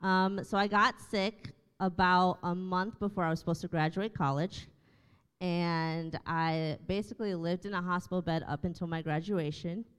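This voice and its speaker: A woman's voice: fairly low pitch, steady tone, normal speed, clean tone, in a large hall. Earnest woman telling her healing story. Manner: earnest storytelling with many fillers. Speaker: church staff member sharing testimony. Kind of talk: interview testimony. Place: church room.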